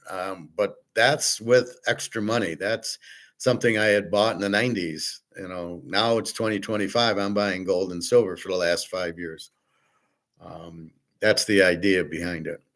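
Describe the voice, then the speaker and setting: Guy going off on a blunt sweary rant, lowish voice, lots of rhetorical questions. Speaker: host. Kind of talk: casual opinion monologue.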